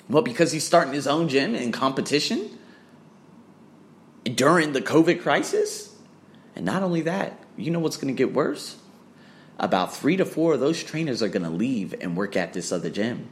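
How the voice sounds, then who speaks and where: A man's voice: medium pitch, sing-song, moderate pace. A man ranting bluntly to camera about business, swearing often and firing off rhetorical questions. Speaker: fitness trainer.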